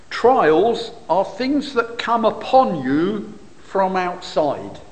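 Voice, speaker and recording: A man delivers a sermon at an unhurried, measured pace, walking through scripture and posing rhetorical questions. His voice sits high and swings widely in pitch. The long reverb of a large hall trails after his words. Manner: expository, rhetorical questions, occasional fillers. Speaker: preacher.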